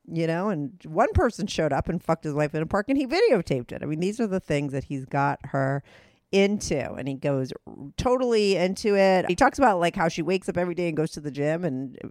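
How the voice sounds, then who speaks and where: A woman's voice: fairly low pitch, darkish tone, no echo, studio quality. A woman hosting a podcast, talking bluntly and casually, swearing and laughing often. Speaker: podcast host. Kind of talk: casual interview chat.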